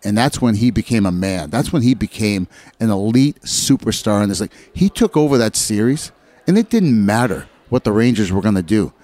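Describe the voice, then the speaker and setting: A middle-aged former hockey player with a lowish voice talks at normal speed. His casual chat is full of locker-room stories, told animatedly as he imitates the people he quotes.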